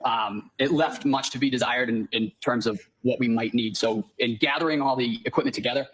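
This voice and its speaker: A man testifying in court as a firefighter paramedic, answering politely and in a measured way. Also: mid-range voice, fairly bright tone, a little hiss or hum, poor audio.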